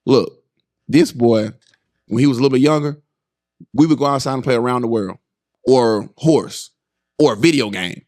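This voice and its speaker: This man in his thirties, a father, hosts an informal parenting podcast where he animatedly recounts family stories, keeps checking on listeners, and mimics his sons' voices with dramatic pitch shifts. He speaks at a moderate pace and pauses often.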